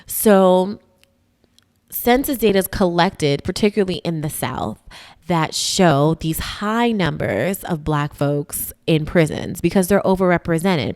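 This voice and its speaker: Smooth-voiced woman explaining history. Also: low-pitched, a little mellow. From United States. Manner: conversational, emphatic, checks in with "right?". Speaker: podcast host.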